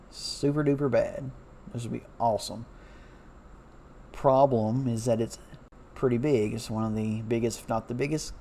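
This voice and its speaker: Man, former railroad hand; gravelly low-key voice, loose rambling delivery with lots of fillers. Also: warm tone, slight background noise. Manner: loose and chatty, many fillers, self-correcting. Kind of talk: casual rambling talk over a map.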